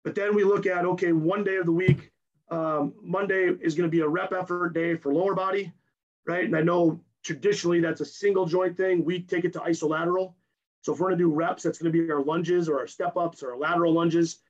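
A strength coach, a man, explaining his training program in rapid, technical detail in a podcast interview while hoarse from losing his voice. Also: high voice, steady tone, dull audio. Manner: rapid and technical, keeps tagging "right?".

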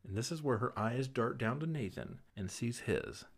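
A man's voice: mid-range voice, animated, moderate pace, husky. A man co-hosting a podcast, recapping a TV episode in casual chat, offhand and dry, with sarcastic asides. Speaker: podcast co-host.

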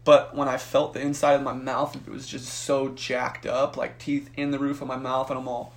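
A young man co-hosting a podcast, telling a profane story in a casual, animated way and acting out the voices in it. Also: medium pitch, moderate pace. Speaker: podcast co-host.

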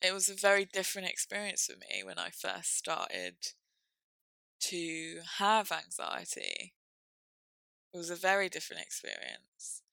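A young woman speaking candidly and reflectively about a personal experience, halting now and then with fillers. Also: lowish voice, huge pitch swings, vocal fry, bright, forceful tone, dry recording, poor audio.

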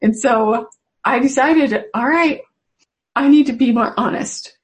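A woman, a mother, speaking to a webinar audience in a personal spiritual talk, earnest and confiding, with unhurried pauses. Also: high voice, rough recording. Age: adult mother. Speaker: webinar presenter.

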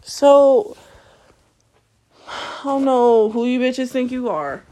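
Speaking slowly, a woman with a high, lively, mellow voice hosts her own podcast. She lays into her listeners with blunt, foul-mouthed scolding and laughs between lines.

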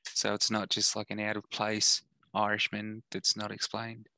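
An Australian man co-hosting a podcast, offering measured, reasoned counterpoints about film trailers. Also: fairly low pitch, monotone, bright, forceful tone, dry recording. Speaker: podcast co-host. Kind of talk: casual chat reviewing film trailers.

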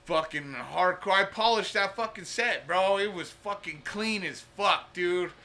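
A young man and stand-up comedian tells stories in an animated, profane way, full of "dude" and "bro". His voice sits high and sounds very bright and forceful. The talk is a loose, casual podcast chat. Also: measured pace.

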